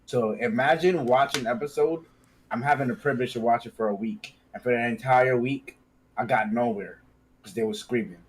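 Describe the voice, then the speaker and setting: A man with a mid-pitched voice recalls a story in blunt, casual banter. A faint hiss sits under his voice, with some ambience behind him. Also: brisk, rough recording. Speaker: podcast co-host. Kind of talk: casual chat.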